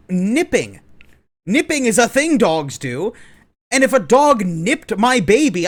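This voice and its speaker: Guy ranting sarcastic on a reaction vid, swears a lot, highish voice all over the place. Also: fairly bright tone. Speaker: online commentator. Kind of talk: opinionated reaction commentary.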